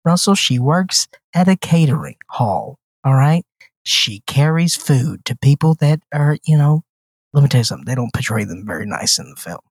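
A man's voice: mid-range voice, normal speed, slightly rough, dry recording. A man co-hosting a movie podcast, joking and retelling a film's plot in casual chat. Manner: animated, joking, retells plots with acted-out quotes. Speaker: podcast co-host.

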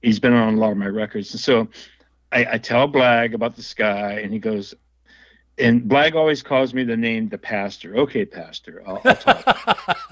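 A man's voice: medium pitch, moderate pace, no room sound. A man telling rambling stories as a music interview guest, with frequent laughs and restarts. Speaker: guest musician and label owner. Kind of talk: casual storytelling interview.

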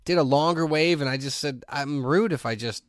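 A man from co-hosting a podcast, telling stories in a casual chat and sinking into low, quiet deadpan asides. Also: fairly quick, dry recording, studio quality. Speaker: podcast co-host.

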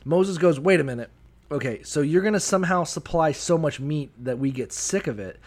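A man's voice: a little high, a little fast. A man on a comedy podcast, riffing profanely on a bible story and acting out the characters' voices. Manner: profane, animated, acts out voices mid-story. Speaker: podcast co-host. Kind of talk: comedic bible commentary chat.

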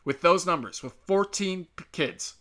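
A man fires off a heated solo rant, sneering and swearing as he scolds the people listening. His voice rides slightly high for a man and has a bright, forceful edge. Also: lively intonation, normal speed. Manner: profane, sarcastic, heated. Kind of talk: ranting monologue.

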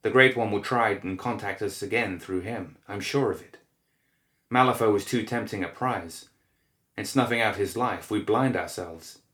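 A man's voice: on the low side, normal speed, a bit bright, close to an everyday voice. A man voicing a determined young woman speaking urgently, in an echoey room.

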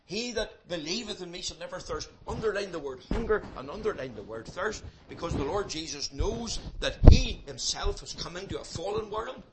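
Emphatic preacher, slightly high. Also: male voice, animated, normal speed, few pauses. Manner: emphatic, repeats words when building up, swings between loud and soft. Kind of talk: evangelistic sermon. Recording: loud background noise.

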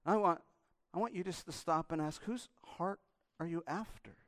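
Man, pastor, sermon, fairly high voice, dry close sound, impassioned, hushed to loud. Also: normal speed, no echo. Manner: impassioned preaching, swings between hushed and loud.

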